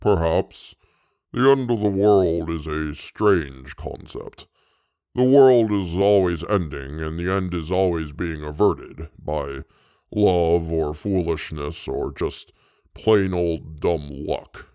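A man voicing a fat old man who speaks in a trance and makes slow, doom-laden pronouncements. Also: low-pitched, mellow, clean tone, no room sound, studio quality, voice pushed down. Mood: ominous.

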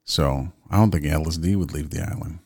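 Man, low voice, casual podcast banter, swears and laughs, dry close sound. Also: fairly quick, darkish tone, no room sound. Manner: loose, swearing, laughs a lot, reads news stories aloud. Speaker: podcast co-host. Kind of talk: casual chat.

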